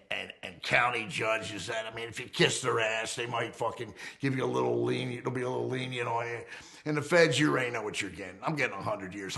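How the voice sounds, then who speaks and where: A middle-aged man speaks in a gravelly, rough-edged voice at an ordinary pitch. He tells his story in a candid documentary interview, and his delivery is streetwise, profane and animated. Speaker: interviewee recounting his criminal past.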